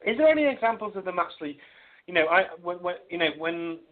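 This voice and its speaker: A man hosting a casual podcast interview, eagerly jumping in with quick questions. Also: sits high, animated. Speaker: podcast host. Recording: tinny phone-like sound.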